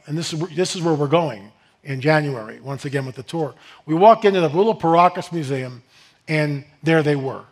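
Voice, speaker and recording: A middle-aged man giving an animated lecture to a live audience, rambling with restarts and asides, rising to near-shouts on his rhetorical questions. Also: fairly high pitch. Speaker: speaker presenting a slide lecture.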